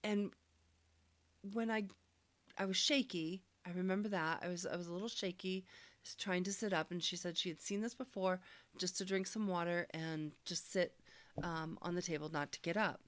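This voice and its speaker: A woman sharing a personal healing testimony, speaking in an earnest, searching, soft-spoken way. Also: lowish voice, fairly even intonation, moderate pace, no room sound.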